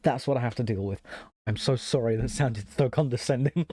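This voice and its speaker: A man with a warm, medium-pitched voice talks a little fast on a dry, echo-free live stream while working on a computer build. Apologetic and self-conscious, he thinks aloud, answers chat, and keeps saying sorry.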